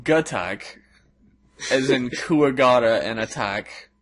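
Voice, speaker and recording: A man's voice: medium pitch, slow pace. A young man co-hosting a podcast, giving his opinions in casual chat, laughing and cursing now and then. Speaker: podcast co-host.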